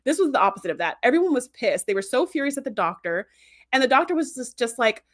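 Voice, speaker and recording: A woman with a fairly high voice hosts a podcast and talks through an episode in a loose, chatty way. She rambles, corrects herself mid-sentence and laughs easily. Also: very animated, quick pace, fairly bright tone. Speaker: podcast host. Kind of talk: casual episode recap.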